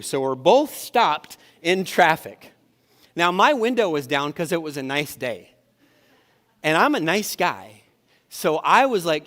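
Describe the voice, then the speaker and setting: A man's voice: a little high, fairly bright tone. Man preaching a conversational sermon. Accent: Upper Midwest American. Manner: storytelling, conversational and self-deprecating. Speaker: pastor. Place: church sanctuary. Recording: live church sermon with hall reverb.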